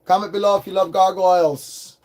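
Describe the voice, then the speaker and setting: A man hosting a casual livestream toy review, hyper and excitable, swearing freely as he talks. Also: sits high, a little fast.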